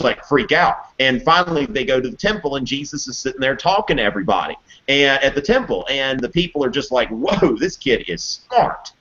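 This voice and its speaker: A man's voice: mid-range voice, muffled recording. Chatty man teaching history. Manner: chatty and animated, acts out quotes with playful voices. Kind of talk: casual live video Q&A lesson. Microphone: webcam mic on a video call.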